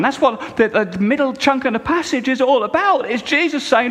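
A male pastor preaching a sermon with wry, expressive delivery that swings from hushed to emphatic. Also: very high-pitched, moderate pace, few pauses, in a large hall.

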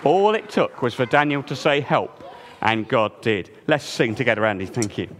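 A man telling a story to a live audience in a playful, expressive way, inviting listeners to join in. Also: medium pitch, moderate pace, a crowd in the background. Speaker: children's storyteller. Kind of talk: animated storytelling with audience participation. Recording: reverberant hall.

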